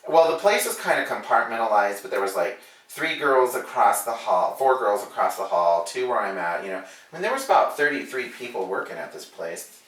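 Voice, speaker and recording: Animated, swearing man telling a salon story. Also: mid-range voice, fairly quick. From Alaska. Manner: animated, profane, acts out quotes. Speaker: hairdresser. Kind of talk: casual storytelling. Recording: echoey room, mic at a distance.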